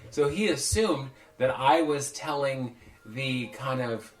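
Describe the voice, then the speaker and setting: A man's voice: medium pitch, slow pace. A man hosting a podcast, telling a long story in casual chat, acting out the voices of the people in it and swearing freely. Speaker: podcast host. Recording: roomy echo with faint music.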